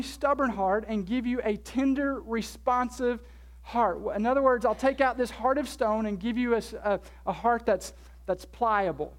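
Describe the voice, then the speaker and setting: Pastor, sermon, emphatic, slows and repeats key words, asks and answers questions. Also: mid-range voice.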